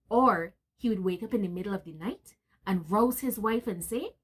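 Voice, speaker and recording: A woman storyteller reading a story aloud, animated, who breaks off now and then to chat with viewers. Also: medium pitch, moderate pace, husky.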